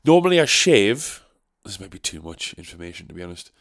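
Young guy rambling on his podcast, kinda low voice, sarcastic, swears a lot. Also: big pitch swings, fairly quick, fairly bright tone, no echo, clean studio sound. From North East England. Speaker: podcast host. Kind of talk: casual solo podcast monologue.

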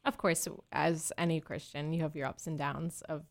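A woman in her thirties, an actor, guesting on a podcast in an animated way that breaks easily into laughter. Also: low-pitched, moderate pace, creaky. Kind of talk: casual interview chat.

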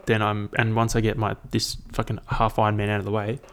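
Low gravelly rambling man. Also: completely flat delivery, a little fast, a bit bright. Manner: rambling, sweary, self-deprecating. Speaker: podcast host. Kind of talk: casual solo podcast chat.

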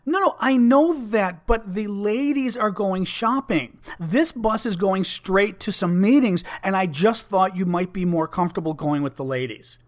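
A man's voice: high voice, a little slow, few pauses, pitched above the performer's own voice. A man retelling a story and quoting an older, nerdy male embassy official who talks down to a woman colleague. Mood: insistent.

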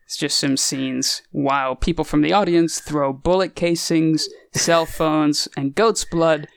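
A man's voice: fairly high pitch, fairly even intonation, measured pace, creaky, clear, resonant tone. A man casually discussing a movie on a podcast, rambling and hesitant with many fillers. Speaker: podcast co-host.

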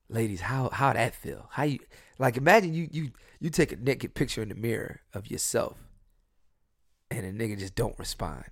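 A man hosting a podcast, telling his dating stories in a casual, profane way and swinging between loud and soft. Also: medium pitch, lively intonation, normal speed, dry recording, clean studio sound. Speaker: podcast host. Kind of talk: casual storytelling chat.

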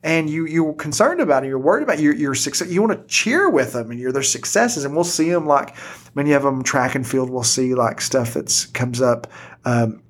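A man, a school teacher and podcast guest, chatting casually at a table and telling stories with lively quoted voices. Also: mid-range voice, a little fast. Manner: animated storyteller, acts out quoted voices. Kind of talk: casual conversation. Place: indoor podcast studio at a table.

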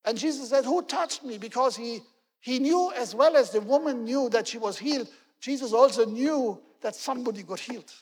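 A man's voice: very high-pitched, brisk, big-room sound. A man preaching a sermon as pastor, telling the story earnestly and repeating key words for emphasis. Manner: earnest storytelling, fillers like "you know", emphatic repetition.

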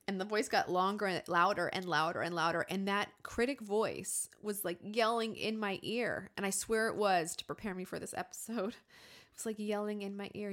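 A woman's voice: medium pitch, moderate pace. A woman in her thirties hosting a podcast, talking openly and animatedly about her own life and acting out her inner voices. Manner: open, animated, confessional storytelling with acted inner voices. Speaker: podcast host. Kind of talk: candid conversational podcast talk.

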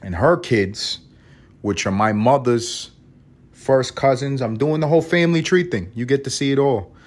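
A man's voice: medium pitch, normal speed. Rambling, profane New man. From Harlem, New York. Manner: rambling, profane and joking, with frequent restarts. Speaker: podcast host. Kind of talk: casual solo podcast monologue.

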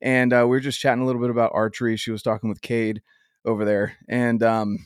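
Man, podcast host, upbeat, rambling, mid pitch, dry close sound. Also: little pitch movement, fast talker, smooth, no echo. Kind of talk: podcast intro and interview.

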